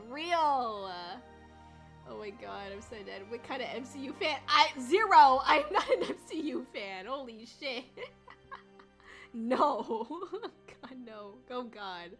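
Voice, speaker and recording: A woman's voice: on the high side, a little slow, a bit bright, faint music behind. A woman streaming as a VTuber, chatting casually in a rambling way, swearing and laughing often. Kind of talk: casual livestream chat.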